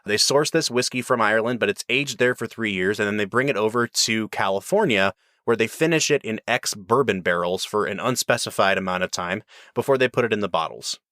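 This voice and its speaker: A man's voice: lowish voice, a little fast, hardly any pauses, bright, forceful tone, no echo. Chatty podcast host man, dry close sound. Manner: explains at length, enthusiastic. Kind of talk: casual podcast chat.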